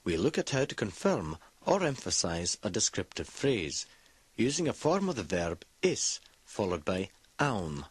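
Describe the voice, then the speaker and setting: A man narrating a scripted language lesson, explaining grammar slowly and repeating each example word. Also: on the low side, sing-song, no room sound. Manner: slow, clear explaining with repeated example words. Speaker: language teacher.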